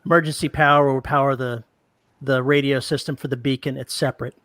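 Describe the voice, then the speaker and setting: A man playing a tabletop role-playing game, speaking with a dry, deadpan delivery. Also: medium pitch, fairly quick, dry recording. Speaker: player. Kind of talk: tabletop role-play banter.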